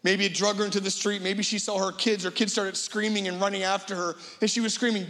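A man's voice: high voice, brisk, fairly bright tone, long reverb tail. A middle-aged male guest preacher giving a dramatic storytelling sermon, acting out imagined voices.

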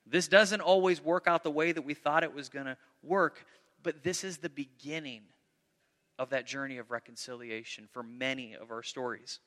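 A man preaching a sermon as pastor, earnest, swinging between loud emphasis and soft, hushed asides. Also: medium pitch, normal speed, in a large hall.

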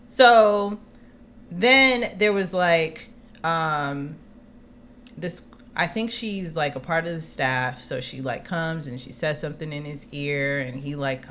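A woman co-hosting a podcast, telling a personal story in casual chat, acting out quotes with slangy, expressive asides. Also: low voice, slight background noise. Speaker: podcast co-host.

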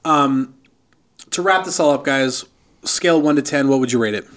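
A man's voice: medium pitch, moderate pace, a bit bright. A man hosting a casual movie review podcast, talking enthusiastically and often repeating and restarting his words. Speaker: podcast host.

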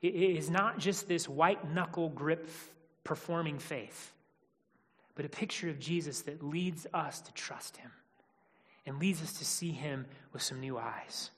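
A man with a notably high voice preaches a sermon, his words trailing into a long reverb. He swings from hushed, almost whispered tenderness to loud, emphatic declarations. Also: measured pace, breathy edge. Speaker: pastor.

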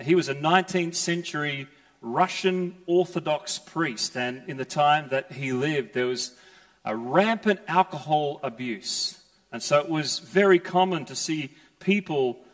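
Guy preaching a sermon, kinda high voice, earnest and emphatic, lots of restarts, big hall echo. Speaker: pastor. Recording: long hall reverb.

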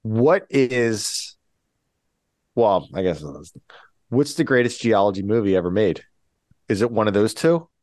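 A man's voice: on the low side, unhurried, pauses often, a little mellow, no room sound, clean studio sound. A man co-hosting a podcast, joking with his friends and steering the talk with questions. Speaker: podcast co-host. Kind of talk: casual chat.

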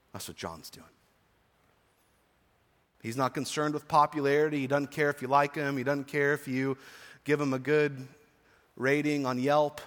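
A man in his forties preaches to his congregation in a voice of ordinary middle pitch, earnest and emphatic, and he slips into chatty personal asides. His words ring out with the long reverb of a church hall. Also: fairly bright tone. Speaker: pastor. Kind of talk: sermon. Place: church sanctuary.

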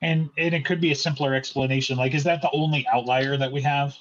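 A man in a casual podcast chat, his voice sitting at an ordinary mid pitch. He rambles loosely, leaning on "like" and laughing between thoughts. The audio is dull and lo-fi. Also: fairly even intonation, quick pace, a bit bright.

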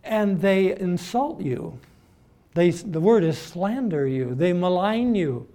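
Male preacher, unhurried, emphatic sermon delivery, a touch high-pitched. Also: expressive, dark tone. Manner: deliberate, emphatic, with repeated words and mimicked voices.

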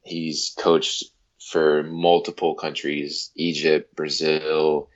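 A man in his thirties from the United States, a guest on an interview show, telling a story in a casual, lively way and acting out quotes. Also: rumbling low, takes it slowly, dull audio. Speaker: guest, handball athlete.

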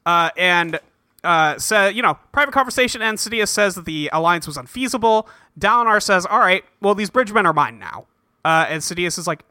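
A man's voice: high-pitched, animated, fairly quick, bright, forceful tone, no room sound. A man co-hosting a podcast, retelling a book's plot in casual chat and tossing in crude, jokey voices for the characters. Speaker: podcast co-host. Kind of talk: casual book-club recap.

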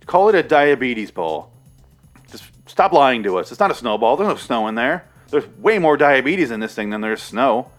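A man's voice: mid-range voice, big pitch swings, moderate pace, hardly any pauses, soft background music. A man casually reviewing a movie, rambling and sarcastic, with a lot of swearing.

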